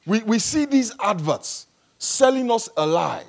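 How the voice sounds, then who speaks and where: At a church service, a male pastor delivers an animated, humorous sermon, moving between quiet asides and loud passages. His voice is high, a little slow and gravelly.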